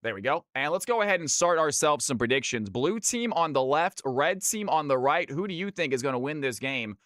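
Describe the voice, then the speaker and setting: A bright, forceful male voice sits a little high for a man and runs a chatty, upbeat live play-by-play. He is close on a streaming mic in a dry, dead-sounding space. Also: animated, a little fast, no room sound. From California. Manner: upbeat, chatty, talks straight to chat. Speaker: streamer and game caster. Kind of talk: live esports play-by-play commentary.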